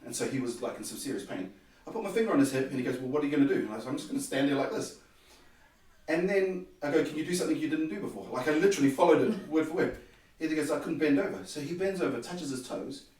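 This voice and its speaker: Male podcast guest, lively storyteller who voices the dialogue; slightly high voice, recorded at a distance. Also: fast. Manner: animated, acts out quoted dialogue. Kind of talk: personal storytelling. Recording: very echoey room, distant mic.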